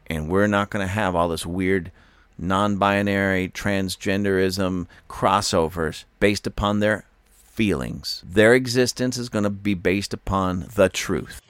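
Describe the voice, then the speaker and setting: A man's voice: sits low, unhurried, clean tone, no echo. An older man hosting a religious opinion commentary show, speaking in a fervent, preachy way with repeated emphatic phrases. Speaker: host.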